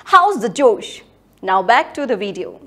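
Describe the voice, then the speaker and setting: A woman's voice: medium pitch, sing-song, a little slow, loud music behind the voice. A woman announcing a playful mock breaking-news bumper.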